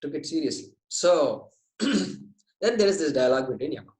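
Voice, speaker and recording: A man's voice: a little high, sing-song, normal speed, darkish tone. Male teacher, echoey room. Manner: conversational, mixing in Sanskrit phrases. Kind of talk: scripture class storytelling.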